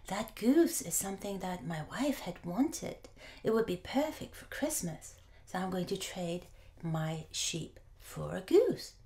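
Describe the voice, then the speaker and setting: A woman's voice: lowish voice, very animated, a little slow, warm tone. A woman preacher voicing a good-natured peasant farmer husband, talking earnestly and a little pleased with himself.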